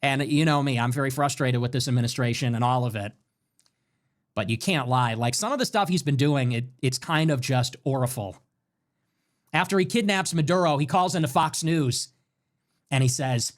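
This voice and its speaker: A man's voice: medium pitch, moderate pace. A man running his own livestream show, ranting with emphasis and frequent swearing while sick with a fever. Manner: animated, emphatic, swears often.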